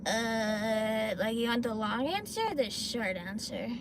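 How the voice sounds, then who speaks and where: A woman's voice: on the high side, measured pace. Woman, young adult, casual streamer, parked car, swearing rant, faint noise. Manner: ranting, swearing, chatting to viewers. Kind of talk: casual live-stream chat.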